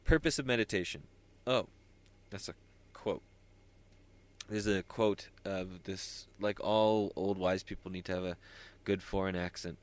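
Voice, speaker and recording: A man's voice: sits low, measured pace. A man hosting a solo podcast, talking in a rambling, self-interrupting way with wry asides. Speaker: podcast host.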